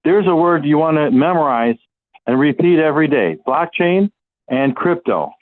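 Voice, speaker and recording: A man's voice: a little high, animated, normal speed. A man with a Midwestern American accent hosting a podcast, talking earnestly and encouragingly with frequent fillers and restarts. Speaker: podcast host. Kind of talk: casual solo podcast talk. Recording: tinny phone-like audio.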